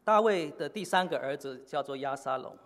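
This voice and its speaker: A man preaching a sermon in short phrases, pausing often with fillers for an interpreter. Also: on the high side, animated, fairly bright tone. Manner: halting, many filler pauses. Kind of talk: sermon in Chinese with live interpretation. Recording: long hall reverb.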